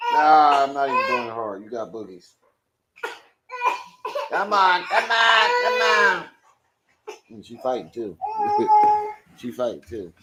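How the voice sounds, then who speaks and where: A young adult man hosting a casual livestream, loud and profane as he scolds his kids. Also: mid-range voice, echoey room, background noise. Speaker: online show host.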